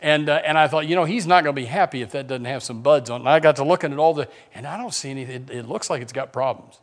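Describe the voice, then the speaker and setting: A man's voice: fairly high pitch, racing. A man preaching a conversational sermon as pastor, with repeated restarts and joking asides.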